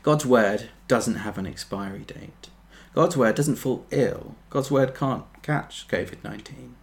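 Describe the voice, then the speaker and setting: A man preaching a sermon, earnest, building to emphatic peaks and then dropping soft. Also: medium pitch, unhurried, vocal fry.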